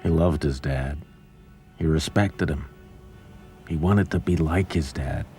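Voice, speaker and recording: A man's voice: rumbling low, slow, a little mellow, breathy edge, soft background music. A man narrating a documentary in a reflective, conversational way.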